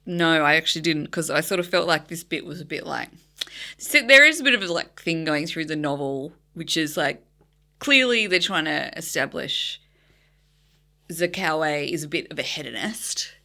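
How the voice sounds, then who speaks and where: A woman's voice: low-pitched, lively intonation, normal speed, pushed and bright. A woman co-hosting a book podcast, talking casually with lots of hedging and easy laughter. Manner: chatty, hedging with fillers, laughs readily. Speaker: podcast co-host.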